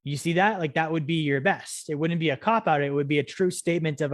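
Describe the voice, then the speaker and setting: Fast-talking and fairly high-pitched, he's recorded dry in clean studio sound. The young host of a financial education course delivers a live-streamed lesson with energy, repeatedly asking "right?" and "okay?" to rally his audience.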